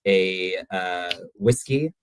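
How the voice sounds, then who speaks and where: A man, a guest on a podcast, chatting casually and telling animated stories with playful impressions. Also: low-pitched, very slow, a little hiss or hum. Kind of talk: casual chat.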